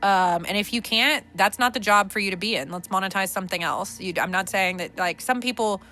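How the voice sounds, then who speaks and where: Blunt, profane, bright-voiced woman. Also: mid-range voice, a little fast. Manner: blunt and profane, trailing restarts. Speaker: podcast host. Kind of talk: unscripted spiritual rant. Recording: faint background music.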